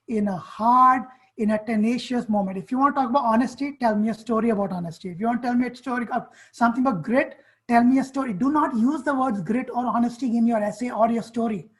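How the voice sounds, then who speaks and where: A woman's voice: a little high, low-quality recording. A woman coaching students on college essays in an online workshop, speaking directly and firing off questions and commands.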